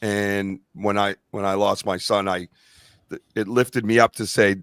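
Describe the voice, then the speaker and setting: A man's voice: on the low side, level tone, a little slow, fairly bright tone, clear, resonant tone, dry recording, clean studio sound. Earnest middle-aged man on a podcast. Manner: emotional, choked up, earnest. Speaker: podcast host. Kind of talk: casual podcast chat.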